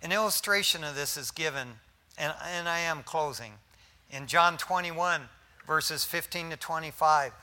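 A man preaching a sermon as a pastor, folksy and animated, with slangy asides, swinging from loud emphasis down to near-whispers. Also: a little high, normal speed.

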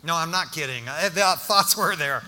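A man's voice: fairly high pitch, animated, moderate pace, bright, forceful tone. An older man preaching, telling a personal story with jokes, restarts and acted-out dialogue. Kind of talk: storytelling sermon testimony. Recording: long reverb of a large hall.

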